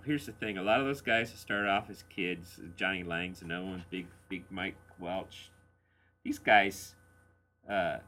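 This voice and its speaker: Middle-aged man, blues radio host, low voice, casual rambling letter answers. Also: pushed and bright. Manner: rambling and candid, with frequent fillers and chuckles.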